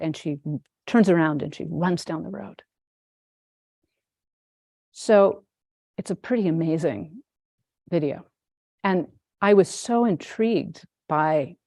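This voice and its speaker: A woman, a Zen teacher, giving a dharma talk in an unhurried, gently amused storytelling manner. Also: fairly low pitch, no echo, clean studio sound.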